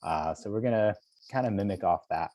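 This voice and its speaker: A man's voice: lowish voice, a little fast, warm tone, no room sound. A man, a poet, leading a virtual workshop for teachers over a video call, encouraging them and counting beats aloud.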